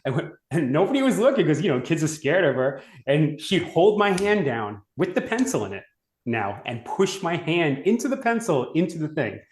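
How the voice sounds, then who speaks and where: A man from Long Island telling school stories in casual chat, animated, swearing freely and laughing as he goes. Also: on the high side, moderate pace. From Long Island, New York. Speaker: podcast guest. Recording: roomy echoey room.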